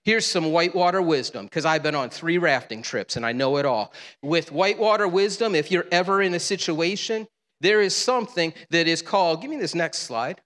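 A man's voice: fairly high pitch, lively intonation, fairly quick, a bit bright. A male pastor preaching a sermon in a conversational, humorous way in a church sanctuary. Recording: long reverb of a large hall.

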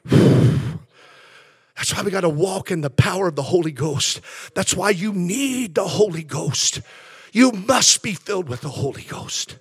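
A male pastor preaching a fervent sermon in church, swinging between shouted declarations and hushed, intense passages. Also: high-pitched, expressive, a little slow, breathy edge, no echo.

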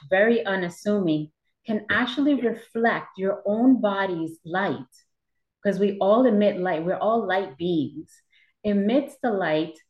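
A woman, a guest doctor, explaining things in an interview in a measured way, with an occasional slip. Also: mid-range voice, darkish tone. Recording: echoey room.

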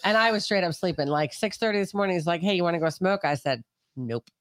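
A woman co-hosting a podcast, telling a story in a casual, profane, animated way. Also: lowish voice, fast talker, no room sound, clean studio sound. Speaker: podcast co-host.

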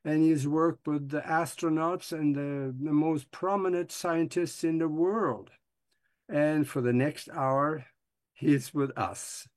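A man hosting a talk show, introducing a guest in a measured, announcing way. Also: a little high, fairly even intonation, a little mellow, no echo. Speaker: host.

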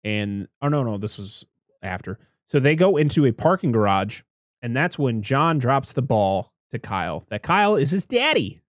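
A man's voice: medium pitch, sing-song, normal speed, dry recording, studio quality. A man in casual podcast chat, rambling through a movie recap, swearing freely and acting out the characters' lines.

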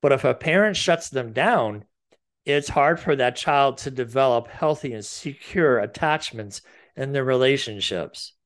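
A middle-aged man, a therapist, calmly explaining parenting and attachment, slow and deliberate, sometimes acting out gentle phrases. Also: mid-range voice. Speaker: therapist and podcast host. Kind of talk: calm explanatory talk.

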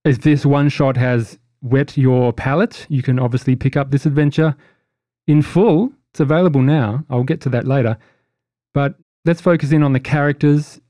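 A man's voice: medium pitch, moderate pace, warm tone, no room sound. Dry-voiced teasing male game master. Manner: jokey, teasing, rambling. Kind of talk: casual podcast recap chat.

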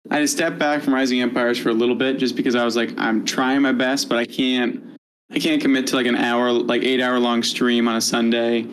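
A man's voice: mid-range voice, level tone, fairly quick, fairly bright tone, slight background noise, rough recording. A young man from New England, a guest on a podcast, chatting in a laid-back way with lots of ums. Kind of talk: casual chat.

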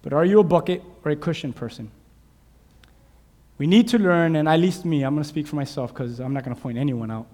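High-voiced preacher in an echoing hall. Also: male voice, fairly quick. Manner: animated preaching, acting out shouted Bible voices. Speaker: pastor. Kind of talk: sermon. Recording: long hall reverb.

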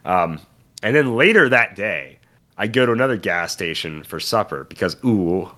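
A young man with a deep yet bright, forceful voice chats casually as a podcast co-host. He tells stories with enthusiasm and an easygoing, conversational tone. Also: expressive, normal speed. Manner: enthusiastic storytelling. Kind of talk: casual chat.

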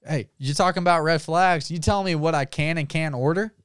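A man's voice: a little high, fairly quick, clear, resonant tone, no room sound, clean studio sound. A young man co-hosting a casual podcast, joking loosely and cursing, a little tipsy. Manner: loose, joking, profane, says he has been drinking. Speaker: podcast co-host.

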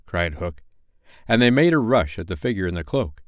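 Male storyteller for audiobook narration; animated, smooth, somewhat low voice. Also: moderate pace, no echo, clean studio sound. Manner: expressive, lively reading.

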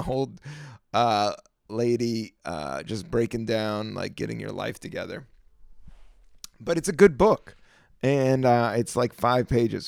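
A relaxed man with a gravelly, heavily creaky voice drifts from thought to thought in a loose podcast monologue. He leans on fillers and restarts. The sound is close and dry, with no room around it. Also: medium pitch, dry recording. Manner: relaxed, meandering, lots of fillers. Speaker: podcast host and stand-up comedian. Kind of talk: casual rambling monologue.

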